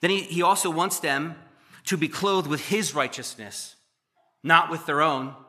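A middle-aged man preaching a sermon as pastor, conversational and joking, asking the church questions and swinging between loud emphasis and quiet asides. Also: fairly high pitch, a little slow. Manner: conversational, asks the congregation questions.

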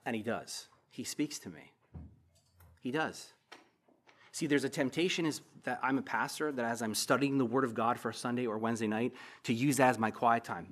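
A middle-aged man preaching a sermon as a pastor in a church, passionate, with loud emphatic bursts and quiet asides. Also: mid-range voice.

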